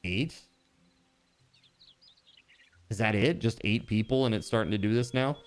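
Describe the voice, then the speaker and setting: A man streaming a game live, chatting casually with his viewers and thinking out loud. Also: on the low side, fairly quick, soft background music. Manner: chatty, talks to chat, trails off and restarts. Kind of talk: casual live-stream chat while gaming.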